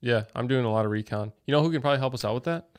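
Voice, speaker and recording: A man's voice: mid-range voice, racing, clear, resonant tone, dry recording. A young man from Wisconsin co-hosting a podcast, laid-back, tossing in dry one-liners. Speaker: podcast co-host. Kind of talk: casual chat.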